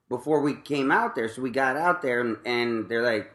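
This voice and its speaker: A man hosting a casual chat, voice pitched in the middle range. He rambles and pokes fun at himself, leaning on fillers and laughter. The sound bounces around a reverberant room. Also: normal speed, few pauses, fairly bright tone. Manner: rambling, self-mocking, lots of fillers and laughs. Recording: echoey room.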